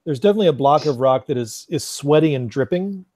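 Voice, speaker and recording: A man narrating a tabletop game as game master over an online call, relaxed and halting as he searches for words. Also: a little high, no echo.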